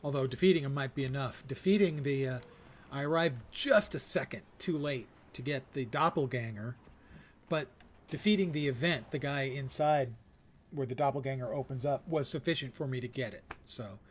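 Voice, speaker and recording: A man with a mid-range voice streams a game live at normal speed, offering casual commentary. Wry and chatty, he mutters to himself while reading and mock-judges players' names.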